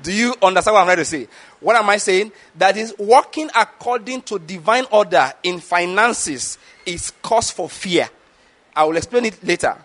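A man's voice: high-pitched, expressive, normal speed, fairly bright tone. A man, preaching a teaching sermon and often checking that the listeners follow. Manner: asks the audience questions, repeats words. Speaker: pastor.

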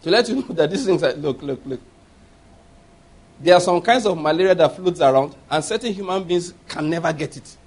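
A middle-aged man preaching a sermon, telling personal stories with animated quoted voices and laughing at his own tales. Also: a little high, a little fast. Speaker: pastor.

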